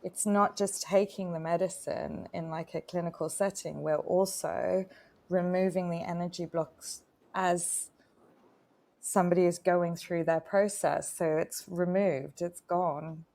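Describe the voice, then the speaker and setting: Eager woman, lowish voice. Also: steady tone, unhurried, vocal fry, mellow. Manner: enthusiastic, heartfelt storytelling. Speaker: co-host, retreat facilitator. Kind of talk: casual live-stream conversation.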